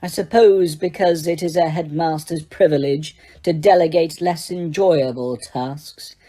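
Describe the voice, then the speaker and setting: A woman reading an audiobook, voicing a cold, sneering male teacher who speaks slowly, quietly and waspishly. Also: low voice, expressive. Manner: slow, quiet and silkily waspish.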